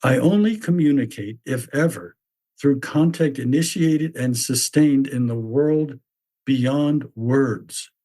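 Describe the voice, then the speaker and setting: A man voicing a stern mythic figure who lectures bluntly in a measured, repetitive way. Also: mid-range voice, dark tone. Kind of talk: reflective spoken essay.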